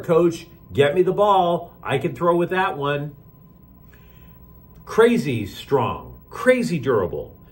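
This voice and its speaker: A man hosting a daily sports news report, delivering it with sarcastic wisecracks. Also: a little high.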